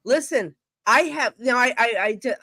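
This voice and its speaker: Blunt, animated woman psychic storyteller. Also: fairly high pitch, moderate pace, no echo. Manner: animated, blunt, acts out both sides of her stories. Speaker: psychic medium. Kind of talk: casual storytelling on a live stream panel. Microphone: video call.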